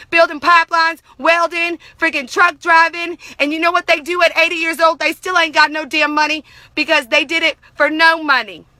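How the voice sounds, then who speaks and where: Gal in her twenties, super bright edgy tone, preachy cussing rant. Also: high-pitched, no echo. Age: young adult. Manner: heated, profane, preachy. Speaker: vlogger. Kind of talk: angry political rant to camera.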